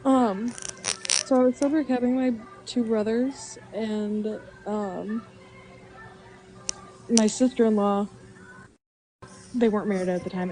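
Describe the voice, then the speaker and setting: A woman's voice: a little high, warm tone, rough recording. A woman chatting casually on a live stream, telling stories, laughing often and reading chat messages aloud.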